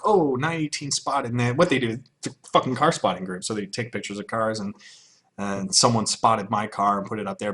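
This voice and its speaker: A man's voice: on the low side, a bit bright. A man chatting casually on a livestream, answering questions from chat in a rambling, profane way and laughing often.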